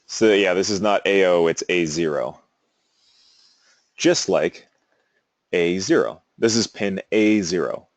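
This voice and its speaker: Male teacher, low voice, dry close recording, relaxed and chatty with digressions. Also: slow pace, long pauses, no echo. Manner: casual, rambling, self-amused asides. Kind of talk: classroom lecture.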